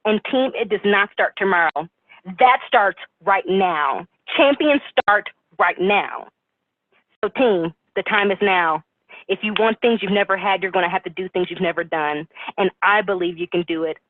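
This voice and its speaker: A woman's voice: mid-range voice, normal speed, no room sound. A woman giving an emphatic, rousing motivational talk to her team on a conference call. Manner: rousing, emphatic, repetitive exhortation. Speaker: motivational speaker. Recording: tinny phone line.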